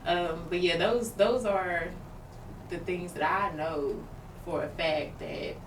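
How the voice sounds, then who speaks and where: A woman's voice: lowish voice, takes it slowly. A woman co-hosting a talk show who speaks openly about her struggles, rambling, with lots of fillers. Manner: open, rambling, with many fillers. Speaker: podcast co-host. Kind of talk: candid personal talk. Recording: roomy, far from the mic, noisy background.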